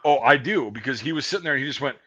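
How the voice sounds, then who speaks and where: A man's voice: mid-range voice, expressive, racing, pushed and bright. Profane veteran man telling army stories. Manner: swears a lot, mimics screams when retelling. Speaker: podcast host. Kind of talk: casual profane chat. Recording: dull lo-fi sound.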